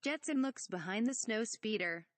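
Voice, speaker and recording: A woman's voice: fairly high pitch, lively intonation, normal speed, no echo. A woman reading a parody script aloud, stage directions and speaker names included. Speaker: reader.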